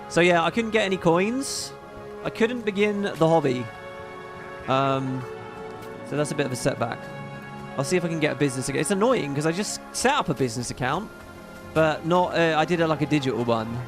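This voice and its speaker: A man hosting a casual livestream, chatting in a rambling, profane way with frequent asides. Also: a little high. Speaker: livestream host.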